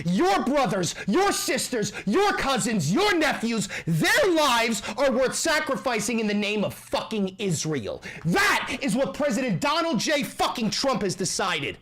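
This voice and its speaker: A man streaming an angry political rant, swearing heavily and breaking into shouts. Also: extremely high pitch. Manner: furious, swearing, shouting bursts. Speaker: streamer reacting to news clips.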